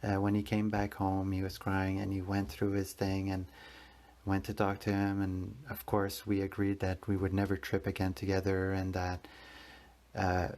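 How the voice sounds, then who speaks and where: A man in his thirties with a fairly low voice, speaking as a podcast host. He tells a personal story in an earnest, rambling way, restarting phrases and circling back as he goes. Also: monotone, normal speed, darkish tone. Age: 30s. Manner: rambling, earnest, self-correcting.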